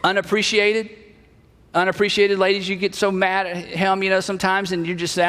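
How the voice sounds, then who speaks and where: A man's voice: sits high, steady tone, moderate pace, fairly bright tone, big-room sound. A male pastor giving a conversational sermon, acting out short bits of inner dialogue.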